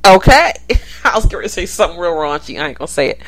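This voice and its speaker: A woman's voice: fairly low pitch, big pitch swings, quick pace, fairly bright tone, poor audio. A woman co-hosting a podcast, chatting casually with opinions and frequent laughter. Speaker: podcast co-host.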